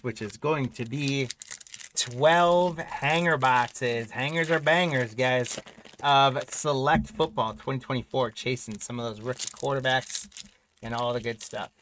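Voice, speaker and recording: A man's voice: mid-range voice, a bit bright, slight background noise, rough recording. A man hosting a live card-breaking stream, casually reading off names and teams and chatting with viewers while tearing into packs, with hiccups. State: has the hiccups.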